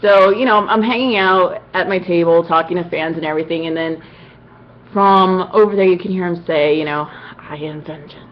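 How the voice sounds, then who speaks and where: A woman's voice: on the low side, brisk, dull audio, slight background noise. A woman cosplayer answering fan questions in a casual vlog, chatty and upbeat with lots of "you know" asides.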